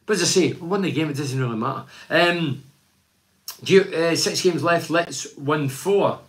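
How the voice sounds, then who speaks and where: A man's voice: on the high side, moderate pace. An older man talks football in a loose, chatty way, giving blunt verdicts and wandering off on tangents. He reads fan messages aloud and answers them in his own plain, opinionated voice. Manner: blunt and opinionated, rambling with restarts. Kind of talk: casual fan chat.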